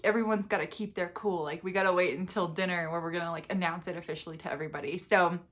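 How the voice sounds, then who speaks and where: A woman's voice: fairly low pitch, fairly even intonation, fast, a bit bright. A young woman vlogger telling a personal story in a casual, chatty way, full of "like" and "you know".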